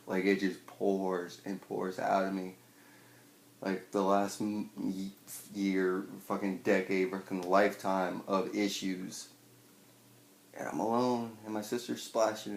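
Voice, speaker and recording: A young man in his twenties, swearing a lot and telling a personal story with wry humor, acting out scenes loudly at times. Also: deep voice, vocal fry. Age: 20s. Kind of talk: personal storytelling, stand-up style. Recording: echoey room with faint noise.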